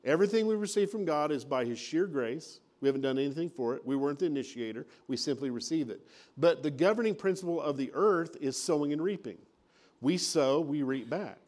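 A man's voice: on the high side, lively intonation, fairly quick, darkish tone. A man preaching a sermon in a folksy, conversational way, acting out little everyday scenes. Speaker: pastor.

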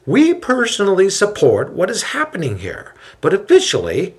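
A man voicing cautious male city officials who speak in a guarded, measured way. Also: high-pitched, wildly swooping pitch, pitched above the performer's own voice.

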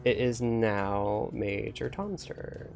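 A man running a tabletop game as game master, his voice carrying some gravelly fry. He describes the action in a steady, measured way and checks rules out loud. Faint music plays in the background. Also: fairly low pitch.

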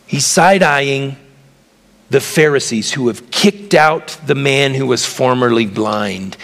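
A man's voice: medium pitch, vocal fry, a bit bright. A man preaching a sermon, teaching step by step and putting questions to his listeners. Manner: teaching, asks the congregation questions, builds emphasis with lists. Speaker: pastor. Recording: long hall reverb.

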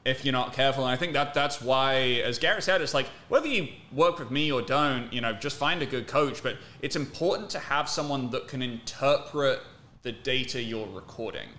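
A man's voice: mid-range voice, moderate pace, bright, forceful tone, echoey room. A man who works as a fitness coach, guesting on a podcast and explaining with analogies and casual swearing.

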